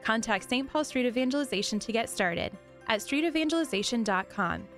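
A woman reading a scripted promotional radio ad smoothly and upbeat. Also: fairly high pitch, lively intonation, a little fast, fairly bright tone, soft background music. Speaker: ad announcer. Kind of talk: scripted ad read.

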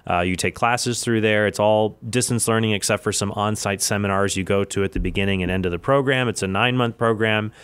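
A man's voice: on the low side, fairly even intonation, brisk, few pauses, fairly bright tone, clean tone, dry recording. A man hosting his own podcast from an office, talking casually and chattily, with frequent asides. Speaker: podcast host. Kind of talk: casual solo podcast talk.

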